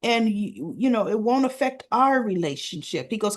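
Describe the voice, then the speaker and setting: A woman's voice: a little high, lively intonation, measured pace. A woman hosting a casual soap opera recap, retelling scenes and dialogue with chatty asides.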